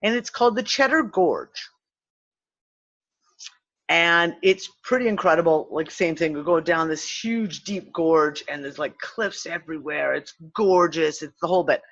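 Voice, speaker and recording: A woman's voice: deep voice, unhurried. A woman hosting a casual discussion, telling a story with swearing and acted-out quotes. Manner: animated, profane, acts out quotes. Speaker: host of a spiritual discussion show. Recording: slightly dull lo-fi sound.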